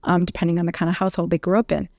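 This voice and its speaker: A woman's voice: on the low side, little pitch movement, very fast, gravelly, darkish tone, no echo. A woman, a psychologist guest on a podcast, explaining ideas in a thoughtful way and often checking in with "right?". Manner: explanatory, says "right?" often, thinks aloud with "um". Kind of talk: casual conversation.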